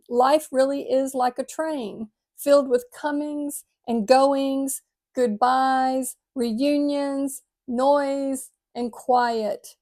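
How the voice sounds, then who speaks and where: Gentle, high-voiced older woman. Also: steady tone, slow pace. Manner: gentle, heartfelt, sometimes choked up. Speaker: vlogger. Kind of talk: reflective talk reading an inspirational piece.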